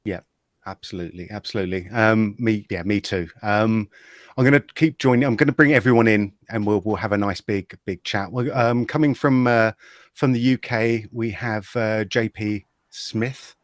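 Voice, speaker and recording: A man's voice: on the low side, moderate pace, no room sound, studio quality. A man hosting a casual livestream chat, talking with lots of fillers and restarts over a video call. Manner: chatty, hesitant, many fillers and restarts. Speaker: host.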